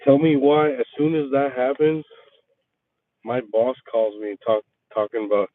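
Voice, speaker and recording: A man's voice: mid-range voice, a little slow, no echo. Venting man on a tinny line. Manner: profane, animated venting. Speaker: resort maintenance worker chatting with viewers. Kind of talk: casual storytelling chat. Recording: tinny phone-like, dry sound.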